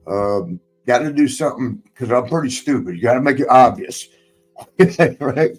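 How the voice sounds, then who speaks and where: A man's voice: mid-range voice, expressive, normal speed, soft background music, poor audio. A man hosting a casual chat, telling a long personal story in a rambling way, swearing often and laughing between lines. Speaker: podcast host and former wrestler.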